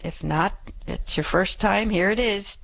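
A woman's voice: medium pitch, a little slow, gravelly, a bit bright. A middle-aged woman speaks in an earnest, devotional tone. She leads listeners through a gospel reading on a faith program and stresses its key lines by repeating them. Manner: earnest, repeats scripture phrases for emphasis. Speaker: radio show host. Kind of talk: spoken Bible reflection.

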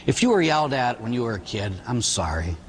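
A man from the Pittsburgh area, a Catholic priest, preaching a sermon with lively storytelling and frequent tag questions. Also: mid-range voice, brisk. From Pittsburgh area, United States. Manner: animated storytelling, acting out quoted voices, tag questions. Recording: echoey hall with faint hum.

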